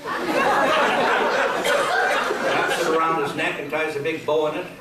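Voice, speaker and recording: A man's voice: a little high, fairly even intonation, fast, a loud crowd. A man telling folksy jokes live on stage in a grange hall, chuckling through his stories with easy fillers. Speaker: comedian and folk entertainer. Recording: echoey hall from far off with room noise.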